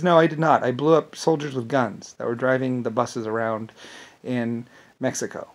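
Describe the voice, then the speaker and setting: Guy ranting on his vlog, mad and swearing a lot, stumbles and repeats himself, normal pitch voice. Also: fairly even intonation, normal speed. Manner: profane, indignant, repeats words when stumbling. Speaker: vlogger. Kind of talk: angry rambling monologue.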